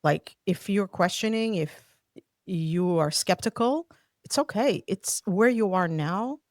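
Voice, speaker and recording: A woman's voice: mid-range voice, lively intonation, slow pace, no room sound, clean studio sound. A woman from the Soviet Union telling her faith story as a podcast guest, earnest and heartfelt. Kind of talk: personal faith testimony.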